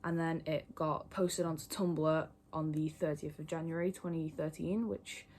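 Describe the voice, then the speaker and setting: A woman's voice: low-pitched, level tone, a little slow, a little mellow. A young woman chatting to camera in a casual, rambling way, full of fillers and swearing. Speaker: fandom video creator. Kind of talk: casual chat, talking to camera.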